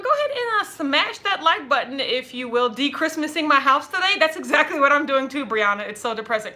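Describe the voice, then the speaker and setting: A woman's voice: high-pitched, bright, forceful tone. A young woman hosting a casual livestream from her home, chatty and bubbly, reading viewer comments aloud and a little out of breath. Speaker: livestream host. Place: at home, indoors.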